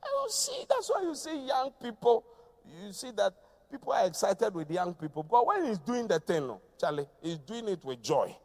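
Lively high-voiced man preaching. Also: normal speed. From Ghana. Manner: swings between shouting and low quiet delivery, repeats phrases. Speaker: pastor. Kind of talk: sermon.

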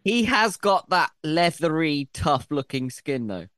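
A man's voice: fairly high pitch, very animated, measured pace, a bit bright, no echo, clean studio sound. A man co-hosting a podcast, bantering and swearing freely with jokey asides. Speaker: podcast co-host. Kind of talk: casual chat.

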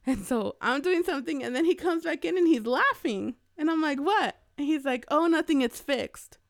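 A young woman co-hosting a podcast, telling a story in casual chat and acting out the quoted voices with big jumps in pitch. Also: expressive, moderate pace, gravelly, no echo, clean studio sound. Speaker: podcast co-host.

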